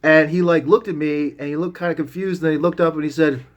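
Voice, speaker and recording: A man's voice: on the high side, fast, highs cut off. A man vlogging as he tells a rambling story in a loose, casual way, full of restarts and asides, with the odd swear word.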